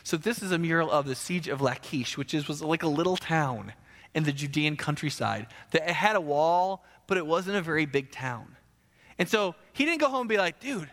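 A man's voice: fairly high pitch, normal speed. A male pastor delivering a conversational sermon, acting out the people he quotes. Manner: animated, conversational, acts out quoted voices. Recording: echoey hall with long reverb.

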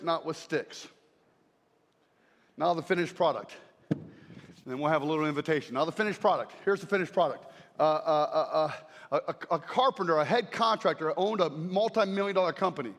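A man preaching a sermon as a traveling speaker, animated and emphatic, shouting key phrases. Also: high voice. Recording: echoey hall.

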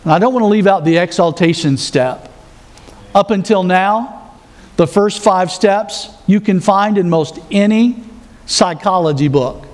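A man's voice: sits high, unhurried, darkish tone. A man preaching a sermon, walking the congregation through numbered points with earnest rhetorical questions. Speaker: pastor.

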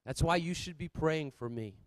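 A male pastor delivering a sermon in a notably high voice. He swings between loud, urgent exhortation and low, quiet asides to the congregation. The sound is dry and close, with no room echo. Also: normal speed.

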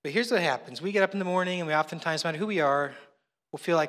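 A man's voice: on the high side, rapid-fire, a bit bright. A man preaching a sermon as pastor, telling chatty, self-mocking stories. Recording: long hall reverb.

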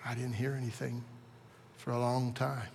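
A man from Virginia preaching a sermon as a pastor, telling a personal testimony that swings from hushed to impassioned. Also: medium pitch, flat delivery, moderate pace, vocal fry, long reverb tail, a little hiss or hum. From Virginia, USA.

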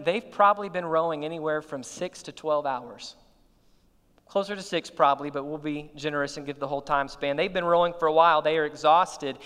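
Bright, clear-voiced preacher man. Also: on the high side, big-room sound. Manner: expository preaching, rising to emphatic peaks. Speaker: pastor. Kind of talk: sermon.

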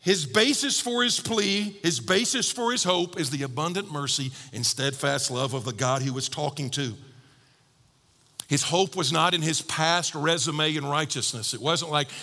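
A man preaching a sermon, telling a story with lively quoted voices and shifting from bold to hushed. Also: on the high side, normal speed, big-room sound. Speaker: pastor.

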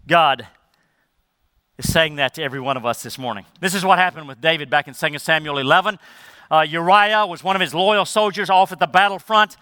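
A man delivers a sermon with a high, bright voice, swinging from emphatic declarations to quiet, low asides. The sound is close and dry, with no room around it. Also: fairly quick, clear, resonant tone, dry recording. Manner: emphatic preaching, dropping to soft low asides. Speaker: pastor.

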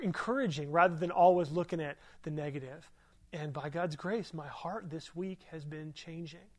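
A middle-aged man preaching a sermon with a notably high-pitched voice. He talks to the congregation in a relaxed, conversational way, telling personal stories earnestly and tossing in rhetorical questions. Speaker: pastor.

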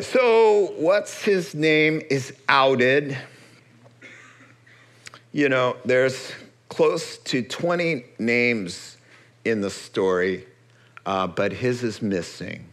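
A man's voice: on the low side, takes it slowly. A man preaching a sermon, retelling a story with humor and acting out the people in it. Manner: lively storytelling, acts out characters with asides and humor.

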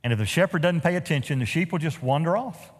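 Animated male pastor preaching in a reverberant hall. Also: a little high, fast talker. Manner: animated storytelling with humorous asides. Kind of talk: sermon. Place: church sanctuary.

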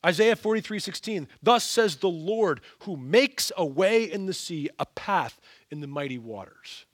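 Expressive preacher man, fairly high voice. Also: a little slow, dry recording, studio quality. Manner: expressive, rhetorical questions to the congregation, sudden soft drops. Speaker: pastor. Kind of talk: sermon.

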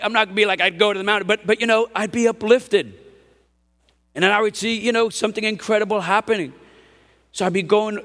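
A pastor preaching a sermon in a conversational, emphatic way, often asking the congregation "right?". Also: male voice, high voice, a bit bright, long reverb tail. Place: church hall.

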